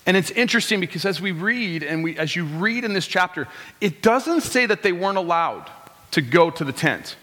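A man's voice: sits high, expressive, moderate pace, pushed and bright. A man in his thirties preaching a conversational sermon in a church, with rhetorical questions and quoted lines of his congregation. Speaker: pastor. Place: church sanctuary. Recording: long hall reverb.

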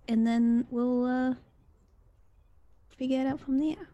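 A woman with a slightly high, mellow voice plays a tabletop game, speaking in character. She talks casually and hesitantly, often trailing off. She is heard through an online call mic. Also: expressive, fairly quick, dry recording. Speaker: player. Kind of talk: in-character role-play chat. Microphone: online call microphone.

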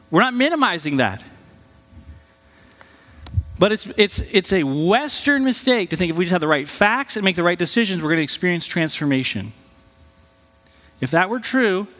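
A man, a pastor, preaching a conversational and animated sermon, jumping up in pitch when he voices quoted people. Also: in a large hall.

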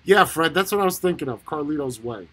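A man's voice: high voice, fast talker, a bit bright, slight background noise. A man hosting a casual live stream, reading out and answering viewers' comments, often breaking into laughter and swearing casually. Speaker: livestream host reading chat.

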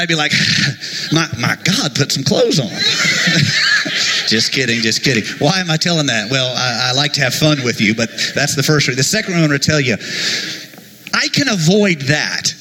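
A middle-aged man preaching a sermon in a church, animated and joking, with sudden hushed asides to the congregation. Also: fairly high pitch, a little hiss or hum, poor audio. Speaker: pastor.

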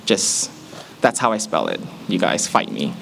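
A man's voice: sits low, unhurried, gravelly, a little hiss or hum. A young man from Malaysia with an American accent, telling his personal story in a candid, self-mocking way. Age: young adult. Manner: candid, self-mocking, animated when quoting himself. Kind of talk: personal testimony talk.

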